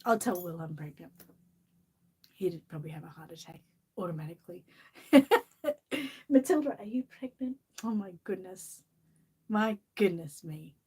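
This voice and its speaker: A woman's voice: fairly low pitch, normal speed, long pauses, a little mellow, husky. Giggly Australian woman chatting and reading. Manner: giggly, chatty, often laughing. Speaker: channel host. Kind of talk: casual chat and storybook reading.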